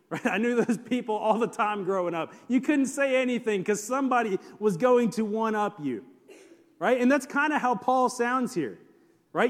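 Animated high-voiced preacher in a hall. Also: male voice, normal speed. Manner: animated, conversational preaching with rhetorical questions. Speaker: pastor. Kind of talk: sermon.

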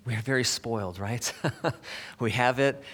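A man preaching a sermon in a church sanctuary with a long, ringing reverb, his voice at an ordinary middle pitch. He talks in a conversational, halting way, full of ums and restarts, and sometimes sinks to a soft near-whisper to press a point.

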